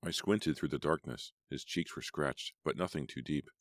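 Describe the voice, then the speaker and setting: A man narrating a first-person horror audiobook in a measured storytelling manner. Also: a bass voice, no room sound, studio quality.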